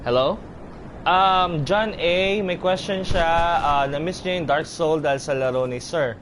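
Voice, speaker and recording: Young Filipino-accented male streamer, chatty and easygoing, a little high-pitched, over background noise. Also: normal speed, a bit bright. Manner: chatty, switching between English and Tagalog, laughs often. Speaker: game streamer. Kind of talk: casual live-stream commentary.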